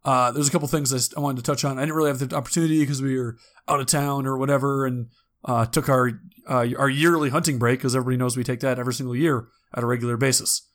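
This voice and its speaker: A man's voice: medium pitch, fairly even intonation, fast talker, a bit bright. A man co-hosting a casual chat, telling rambling stories with many fillers and restarts.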